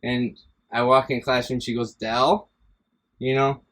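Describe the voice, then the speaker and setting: A man's voice: medium pitch, little pitch movement, moderate pace, fairly bright tone. A man casually telling stories from his school days, rambling and profane, often breaking into laughter. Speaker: podcast host. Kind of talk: casual storytelling chat.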